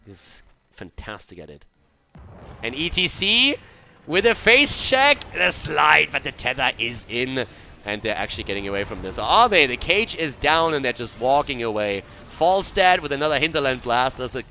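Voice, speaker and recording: A man casting a video game match on his own, mixing brisk play-by-play with coaching tips. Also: medium pitch, bright, forceful tone, a little hiss or hum. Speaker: esports caster. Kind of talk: solo match commentary with analysis.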